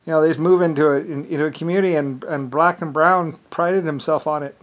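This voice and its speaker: A man speaking in a rambling, casual monologue, meandering and halting, with many fillers and restarts. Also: a little high, steady tone.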